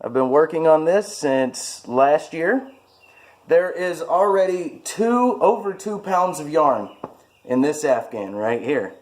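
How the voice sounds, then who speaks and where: A man's voice: a little high, very animated, slow pace, darkish tone. Rambling, self-mocking man vlogging casually. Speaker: vlogger showing his hobbies. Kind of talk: casual talk to camera.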